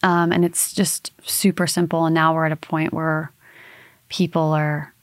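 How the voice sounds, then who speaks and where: In a dry recording, a woman who works in hypnotherapy talks as a guest in a low-pitched, unhurried voice. Her casual conversation is animated storytelling, packed with fillers and restarts.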